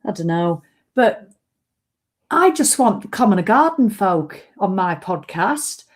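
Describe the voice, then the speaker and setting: Speaking slowly in a sing-song, mid-range voice, a middle-aged woman hosts a chatty live fitness video. She rambles, pokes fun at herself, breaks into sung jingles and keeps hiccuping.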